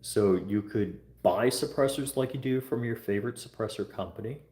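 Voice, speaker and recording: A man's voice: lowish voice, normal speed, mellow. Man urging viewers in an echoey room. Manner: earnest, repetitive urging, coaching viewers through scripted phone calls. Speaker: livestream host. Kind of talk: casual livestream talk. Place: home room.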